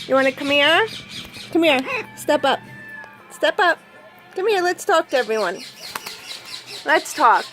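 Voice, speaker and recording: A woman with a high, swooping voice coaxes her pets in sing-song baby talk. She speaks slowly and patiently. Soft music plays faintly behind her. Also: animated. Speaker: pet owner and vlogger. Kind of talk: casual pet vlog.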